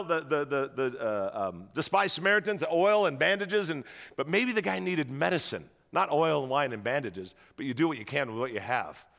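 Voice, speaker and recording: A man preaching a sermon to a church crowd, telling stories in an animated way and rousing the audience, in a large auditorium. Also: fairly high pitch, gravelly, long reverb tail. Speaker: guest pastor.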